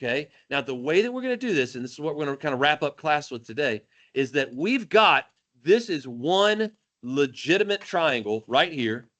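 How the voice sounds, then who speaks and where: A man teaching math to a class, animated and jokey, calling on students by name. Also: a little high, moderate pace. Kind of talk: classroom lecture.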